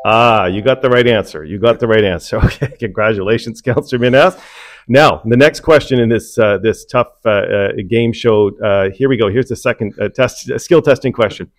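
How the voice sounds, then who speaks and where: A man's voice: on the low side, normal speed, no echo. A man hosting a local politics podcast, chatting casually and running a playful mock game show, laughing and restarting often. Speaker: podcast host running a council recap.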